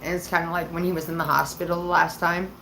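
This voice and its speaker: A woman's voice: lowish voice, fast, vocal fry, a little hiss or hum. Foul-mouthed woman telling stories in an echoey room. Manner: profane, animated retelling with quoted voices. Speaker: livestreamer. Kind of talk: casual storytelling to viewers.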